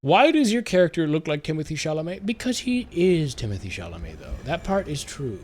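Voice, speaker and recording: A man's voice: a little high, sing-song, fairly quick. Giggly, rambling young streamer man. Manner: rambling, stammering repeats, giggly. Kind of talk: casual live-stream chat while gaming.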